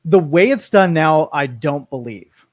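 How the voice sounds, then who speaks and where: A male co-host on a live studio talk show, trading dry, teasing remarks with his partner. His voice sits a little high for a man, and the mic is close with no room sound. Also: lively intonation, unhurried, a little mellow, no echo. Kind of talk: casual radio chat. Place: radio studio.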